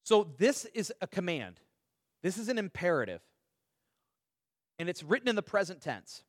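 In a clean, dry studio recording, a man with a high, very animated voice teaches Bible study conversationally. He asks rhetorical questions, uses everyday examples, and often restarts himself quickly, repeating words.

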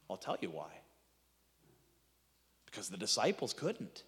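A man preaching a sermon as pastor, stumbling over restarts and swinging between loud outbursts and hushed asides. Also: fairly low pitch, wildly swooping pitch, measured pace, pauses often, big-room sound. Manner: impassioned preaching with repeated restarts and dramatic drops to near-whispers.

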